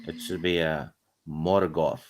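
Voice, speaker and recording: A Norwegian-accented man speaks in a very deep voice, slow and deliberate. His remarks are dry and understated, dropped casually into a book chat. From Norway.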